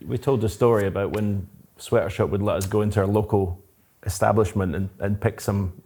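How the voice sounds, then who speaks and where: A middle-aged man hosting a relaxed chat at a snooker table, laughing easily and chiming in with short replies. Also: lowish voice, fairly quick. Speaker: host. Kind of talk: casual chat. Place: snooker room.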